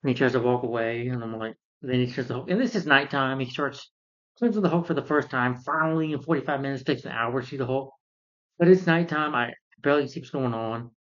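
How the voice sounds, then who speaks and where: A man's voice: medium pitch, brisk, lo-fi sound. A man rambling through an exasperated movie review rant, full of fillers and restarts.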